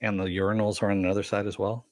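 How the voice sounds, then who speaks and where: A middle-aged man hosting a live-stream review, chatting casually and answering viewer comments with many fillers and pauses. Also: lowish voice, level tone, dry recording, clean studio sound. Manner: rambling, with frequent fillers and throat clearing.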